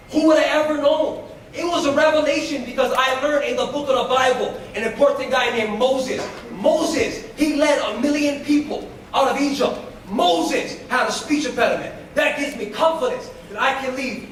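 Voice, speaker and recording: Man, very high voice, fervent preaching talk, call-and-response, booming hall echo, heard from far off. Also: moderate pace, slight background noise. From United States. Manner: fervent, leads call-and-response, breaks into shouts. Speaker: motivational speaker. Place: school hall before a live audience.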